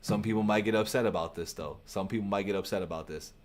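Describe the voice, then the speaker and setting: A man hosting a music reaction channel, talking in an animated, profane, emphatic way and repeating his phrases. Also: on the low side, quick pace, heavy background noise. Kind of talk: casual music reaction commentary.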